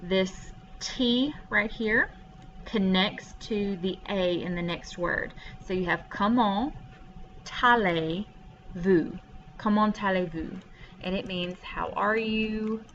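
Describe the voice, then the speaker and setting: A woman's voice: mid-range voice, slow, a bit bright, highs cut off, a little hiss or hum. A woman teaching French vocabulary from home, explaining patiently step by step with frequent ums. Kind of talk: recorded classroom lesson over a screen share.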